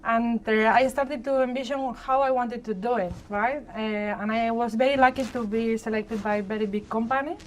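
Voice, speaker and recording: A woman with a fairly high, fairly even voice tells her career story as a treasury leader on a live panel, speaking at a moderate pace with hardly any pauses. Born in Argentina and raised in Spain, she has a Spanish accent and a chatty manner, often tagging sentences with "right?". There's slight background noise.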